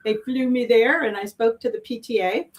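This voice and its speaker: A middle-aged woman, a guest on an interview, telling stories in an animated way and acting out the dialogue. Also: fairly high pitch, normal speed, poor audio. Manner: animated storyteller who acts out dialogue and laughs often. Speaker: guest, speaker and improv actor. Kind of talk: casual interview storytelling.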